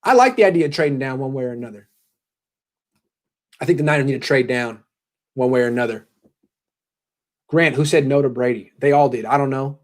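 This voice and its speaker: A man hosting a casual live sports talk show, brisk, opinionated and jokey. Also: mid-range voice.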